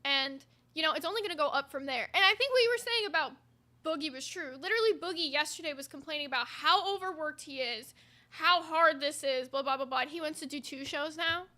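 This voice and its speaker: A woman co-hosting a live stream, talking casually and often worked up, swearing freely. Her voice is high and very bright. She speaks in quick, heated bursts. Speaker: co-host of a live stream show.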